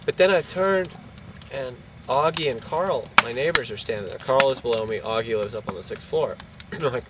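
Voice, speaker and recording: Animated man telling a street story. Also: mid-range voice, moderate pace. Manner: animated, profane, acts out quotes. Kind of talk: casual anecdote. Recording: distant mic, loud street and traffic noise.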